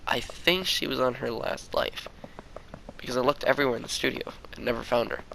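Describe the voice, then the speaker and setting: A man voicing a gentle man made by an ink machine, speaking quietly and fearfully, as he reads a fan story aloud. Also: mid-range voice, fairly quick, vocal fry, a little hiss or hum, rough recording. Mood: earnest. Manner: quiet, hushed, fearful at times.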